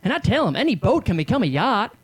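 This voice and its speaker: A man's voice: high-pitched, sing-song, fast talker, slightly rough, pitched above the performer's own voice, full character voice. A man playing a cocky, self-satisfied male stand-up comedian in a live stand-up character bit. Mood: smug.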